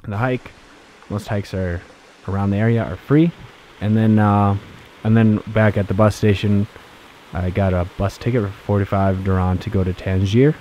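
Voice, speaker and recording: A man's voice: on the low side, steady tone, normal speed, dark tone, lo-fi sound, slight background noise. A man casually recounting his travels as a vlogger, rambling with fillers and restarts. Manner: rambling, laid-back, many fillers and restarts.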